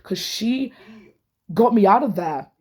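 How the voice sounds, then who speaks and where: A young woman tells a personal story to camera in a heated, profane rant. She is hoarse from losing her voice and often restarts her sentences. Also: mid-range voice, expressive, takes it slowly, darkish tone.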